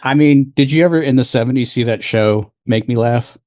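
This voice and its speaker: A man's voice: mid-range voice, fairly quick, darkish tone, no echo, clean studio sound. A man co-hosting a podcast in casual chat, teasing, swearing freely and laughing often. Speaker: podcast co-host.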